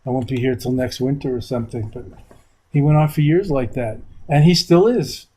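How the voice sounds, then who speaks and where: An older man from New York speaks as a guest teacher, wandering through his thoughts in a loose, reflective ramble. His voice sits at an ordinary middle pitch. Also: normal speed, mellow, slightly rough, low-quality recording. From New York, USA. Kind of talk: reflective conversation. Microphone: video call.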